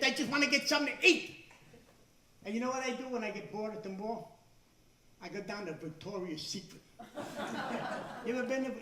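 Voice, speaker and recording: A stand-up comedian, a man in his fifties, telling chatty, self-mocking stories with quick asides and putting on little voices. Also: very high-pitched, bright, forceful tone. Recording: echoey stage sound from a distance.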